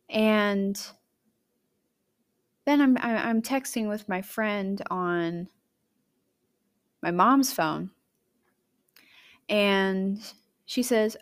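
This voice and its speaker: A young woman with an ordinary mid-pitched voice tells a personal story directly to listeners of her own podcast. She's chatty and candid, with sudden emotional jumps in pitch and volume.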